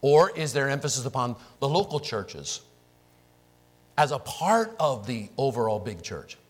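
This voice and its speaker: Animated man teaching a church class. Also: mid-range voice, measured pace, low-quality recording. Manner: animated, asks the class rhetorical questions.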